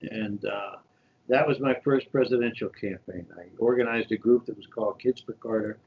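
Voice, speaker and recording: A man in his fifties from New York, telling animated stories in an interview and acting out the quotes. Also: fairly low pitch, moderate pace, phone-quality sound, a little hiss or hum. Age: 50s. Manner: animated anecdotal storytelling with voiced quotes. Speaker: guest, shadow senator. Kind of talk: storytelling interview.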